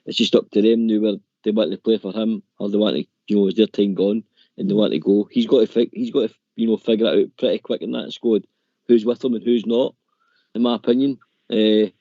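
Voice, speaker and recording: A Scottish man speaks on a call-in show in a low, mellow voice. He hesitates, restarts his phrases and leans on "you know". The line is dull and lo-fi, with no room sound. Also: dry recording. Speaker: caller. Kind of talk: casual chat on a call-in show.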